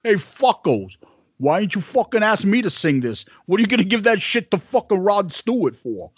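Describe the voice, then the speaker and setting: A man doing a high, swearing rock drummer impression in a put-on accent. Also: big pitch swings, normal speed, no echo, full character voice. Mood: snarling. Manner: gruff, swearing, mock accent. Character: crude foul-mouthed male rock drummer.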